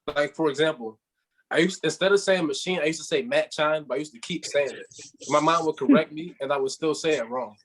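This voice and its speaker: Young male co-host, joking storyteller, husky voice, a bit high. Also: quick pace, a bit bright, low-quality recording. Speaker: podcast co-host. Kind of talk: casual chat.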